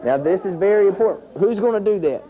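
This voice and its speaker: Male nature educator, mellow voice, animated storyteller for a kids' outdoor lesson. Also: high voice, fast talker, highs cut off. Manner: animated storytelling with sound effects. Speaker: environmental educator.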